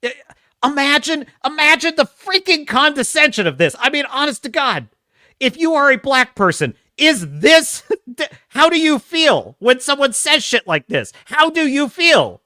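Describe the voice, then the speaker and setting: A man's voice: very high voice, very animated, normal speed, sharp tone, no room sound, studio quality. A man hosting a podcast, reacting to video clips with sarcastic, exasperated ranting and frequent laughter.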